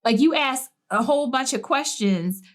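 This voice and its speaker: Woman, podcast co-host, casual chat, animated storytelling, acts out quotes, higher pitch. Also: normal speed.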